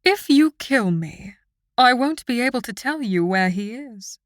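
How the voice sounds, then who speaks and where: A woman's voice: fairly high pitch, expressive, a little slow, no echo, clean studio sound. A woman voicing a silky, menacing fairy queen.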